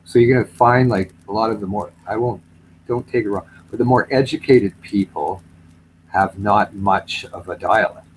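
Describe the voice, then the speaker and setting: A man's voice: on the low side, a little hiss or hum, low-quality recording. A man from Canada in a rambling, casual chat, swearing and teasing as he talks. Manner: rambling, swearing, quick to tease. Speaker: chat participant.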